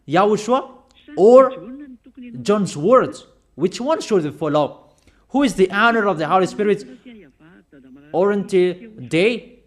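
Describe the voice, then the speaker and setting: A man preaching a sermon in emphatic, repetitive English with halting, non-native phrasing, firing questions at his listeners. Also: sits high.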